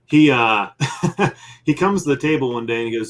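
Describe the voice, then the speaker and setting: A man's voice: medium pitch, lively intonation, moderate pace, a bit bright. Rambling man telling a story. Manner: rambling storytelling with quoted dialogue. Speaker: comic publisher and guest; game master of his group. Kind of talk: casual interview chat while sketching.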